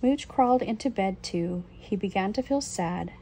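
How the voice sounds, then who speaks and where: A woman reading a children's picture book aloud in a gentle storybook manner. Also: mid-range voice, lively intonation, moderate pace, a little hiss or hum, rough recording. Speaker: reader.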